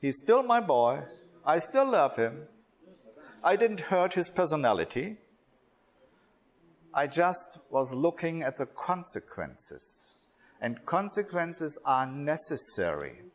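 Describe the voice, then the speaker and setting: Male workshop speaker, slightly high, very expressive rise and fall, unhurried and deliberate, non-native English. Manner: slow, deliberate, with many pauses and restarts. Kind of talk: religious workshop talk.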